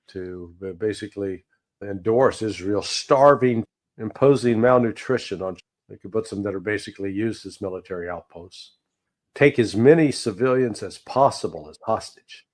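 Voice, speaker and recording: A man's voice: lowish voice, a little mellow. A middle-aged man giving heated political commentary, indignant and emphatic with sarcastic asides.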